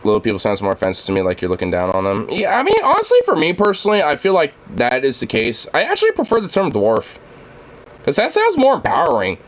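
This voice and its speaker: Male reactor host, animated pitch, rambling and profane, laughs a lot. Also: fast talker. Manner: rambling, swearing, frequent laughs and fillers. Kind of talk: casual reaction commentary.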